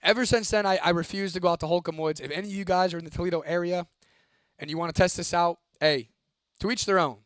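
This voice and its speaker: A man's voice: sits high, fast talker, no echo, clean studio sound. A young man casually telling a creepy story to viewers, swearing freely and talking with energy. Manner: profane, animated, reads a viewer comment aloud. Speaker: host.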